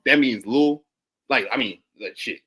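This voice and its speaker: Lively Maryland man, a bit high. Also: brisk. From Maryland, USA. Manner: blunt, profane, laughs often. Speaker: podcast guest. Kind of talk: casual chat.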